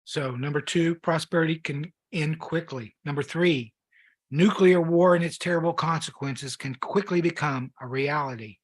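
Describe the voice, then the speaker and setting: A man preaching a sermon, reading scripture in an earnest, measured way while losing his voice. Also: on the high side.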